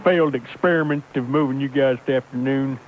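A man playing a bumbling, folksy truck driver who acts as a reporter, with a drawl, who keeps clearing his throat and rambles. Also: medium pitch, fairly even intonation, brisk, lightly acted. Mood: grumpy. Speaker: guest character in comedy bit. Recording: tinny lo-fi radio broadcast, faint hiss.

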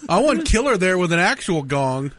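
A man's voice: high-pitched, big pitch swings, moderate pace, a crowd in the background. A man co-hosting a sports talk show, riffing jokes in casual studio banter. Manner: jokey, riffing on bits. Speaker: radio show co-host.

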